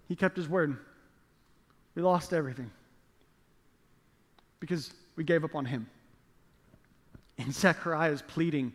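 A man's voice: high voice, normal speed, long pauses, fairly bright tone. A male pastor preaching a sermon, telling the story with playful jokes and acted-out asides. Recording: long reverb of a large hall.

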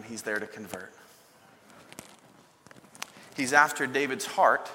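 A man's voice: a little high, in a large hall, a little hiss or hum. A man preaching a sermon, telling a story and now and then acting out the people in it. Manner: storytelling, acts out a shouting king in bursts.

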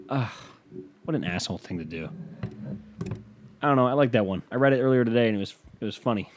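A man's voice: medium pitch, lively intonation, quick pace, long pauses, slight background noise. A man hosting a casual solo podcast, offhand and profane as he reads betting odds aloud. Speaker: podcast host.

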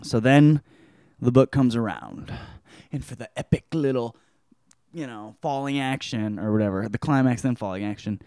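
A man's voice: mid-range voice, animated, normal speed, dark tone, smooth, no room sound, studio quality. A man hosting a podcast who gives a rambling, crude and profane book review. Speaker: podcast host.

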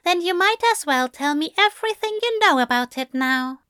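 A woman reading a story, voicing a gentle, affectionate male angel who coaxes softly. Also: extremely high pitch, animated, moderate pace, dry recording, studio quality, voice pushed up, exaggerated voice. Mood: coaxing. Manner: soft, crooning, coaxing.

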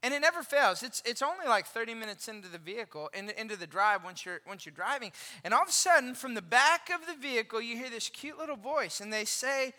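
High bright-voiced pastor preaching. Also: male voice, brisk, hardly any pauses. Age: 40s. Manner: animated and conversational, quizzes the congregation. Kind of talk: sermon. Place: church auditorium. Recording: reverberant hall.

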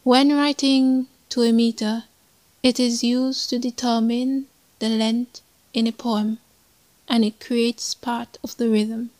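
Slow, even-voiced woman teaching poetry. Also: fairly high pitch, no echo, rough recording. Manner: measured, deliberate, even delivery. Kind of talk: slow scripted lesson narration.

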